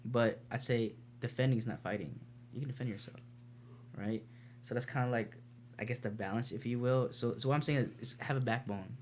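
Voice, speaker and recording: A man's voice: mid-range voice, a little fast, darkish tone, slight background noise. Man telling earnest stories on a podcast. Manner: earnest storytelling, frequent restarts and swearing. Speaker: podcast co-host; martial arts teacher. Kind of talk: casual podcast chat.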